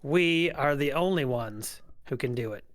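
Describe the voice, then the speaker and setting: A man's voice: mid-range voice, animated, unhurried, fairly bright tone, dry recording. Player guy, confident and boasting, close dry sound. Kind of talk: casual game chat.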